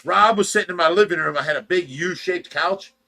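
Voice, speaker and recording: A man hosting a casual livestream, telling a story with animated shouts and quick impressions, in a Midwestern American accent. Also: high voice, gravelly. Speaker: show host telling a story.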